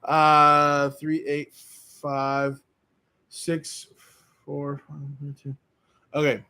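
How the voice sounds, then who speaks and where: A man hosts a casual livestream and reads out comments from his viewers, answering each one in turn. He talks slowly and loosely, with lots of "um"s and restarts. His voice sits a little higher than most men's. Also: smooth. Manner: relaxed, rambling, many fillers and restarts. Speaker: livestream host answering chat. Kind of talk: casual live chat.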